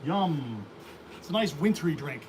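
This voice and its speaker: A man's voice: a little high, big pitch swings, a little slow, background noise. A man hosting a beekeeping livestream, chatting casually in a folksy, rambling way and laughing often. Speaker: beekeeping channel host.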